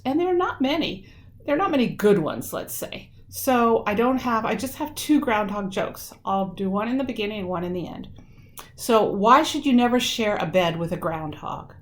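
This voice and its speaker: A woman leading a children's craft lesson from home, explaining things slowly and warmly for kids, with many pauses and ums. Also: lowish voice.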